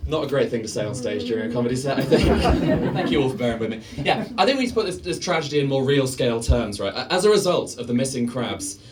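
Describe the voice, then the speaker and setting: A man's voice: medium pitch, very animated, quick pace, hardly any pauses, recorded from a distance, heavy background noise. A man doing a stand-up set on stage, rambling, swearing and laughing at his own jokes. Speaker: stand-up comedian. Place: live venue stage.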